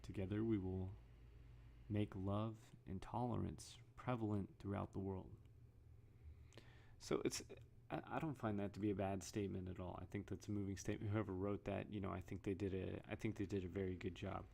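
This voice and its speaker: A man talks through his thoughts in a loose, rambling vlog. His voice sits fairly low, with a gravelly fry, and he often restarts his sentences and reads headlines aloud. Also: flat delivery, fairly quick, warm tone, slight background noise. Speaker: vlogger. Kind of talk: casual commentary.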